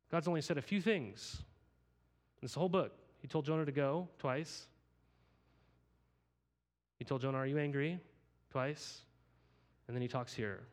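Animated man preaching a conversational sermon. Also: on the high side. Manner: conversational, animated, asks the audience rhetorical questions. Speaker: pastor. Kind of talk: sermon teaching.

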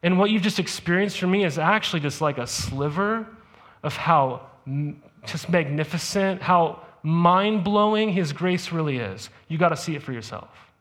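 Male pastor with a high voice, talking through a sermon like a chat and tossing in "right?" to the congregation. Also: animated, normal speed, fairly bright tone. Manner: conversational, peppered with "right?" asides. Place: church service.

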